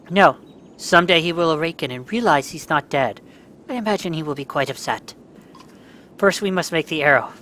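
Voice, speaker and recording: Bright-voiced man reading game dialogue. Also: on the high side, a little hiss or hum. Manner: reads every part in his own voice, breaks into angry outbursts at glitches. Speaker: let's play gamer.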